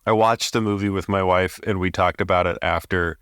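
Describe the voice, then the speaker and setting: A man's voice: low-pitched, steady tone, a little fast, fairly bright tone, clear, resonant tone, dry recording. Laid-back young guy agreeing along on a movie podcast, dry mic. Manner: easygoing, agreeable, laughs along. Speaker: podcast co-host. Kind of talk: casual movie review chat.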